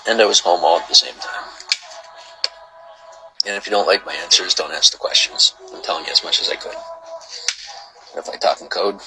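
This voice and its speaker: Over music, on a low-quality recording, a low-voiced man speaks briskly with long pauses while hosting a livestream. Reading viewer comments and saying hello, he drifts into heated, repetitive rambling.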